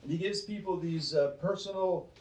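A man's voice: high voice, moderate pace, darkish tone. A man preaching to a small group, emphatic and fond of rhetorical questions, often repeating himself. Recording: roomy sound from a distance.

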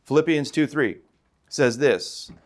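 Guy preaching a sermon, chatty, lots of questions, gets loud on the big points. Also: mid-range voice, slow. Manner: animated preaching with rhetorical questions, loud emphatic rises; conversational, with fillers and restarts. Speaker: pastor.

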